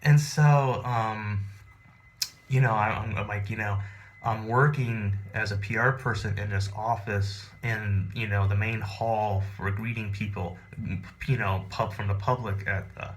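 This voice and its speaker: A man telling a personal story in a rambling, animated, profane, casual way. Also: lowish voice, measured pace.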